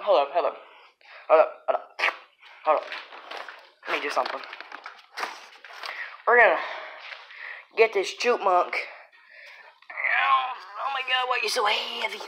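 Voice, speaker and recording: A woman's voice: medium pitch, fairly bright tone, a little hiss or hum, poor audio. A woman vlogging at home, exclaiming and teasing as she scolds her cat. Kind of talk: casual vlog narration.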